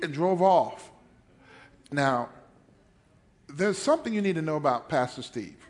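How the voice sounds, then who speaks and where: Male pastor, sermon storytelling, high voice, big swings in pitch, unhurried. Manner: animated storytelling, acts out voices, laughs often.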